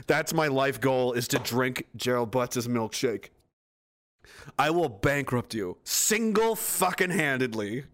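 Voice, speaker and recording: A man's voice: medium pitch, expressive, takes it slowly, long pauses, fairly bright tone. A man streaming live, reading viewer comments and ranting in a rambling, profane way while laughing at his own jokes.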